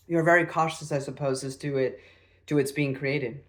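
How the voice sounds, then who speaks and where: Guy reading as a sharp teasing young lady, fairly high voice, barely acted. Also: steady tone, fairly quick, lightly acted. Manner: reading dialogue aloud with light emphasis.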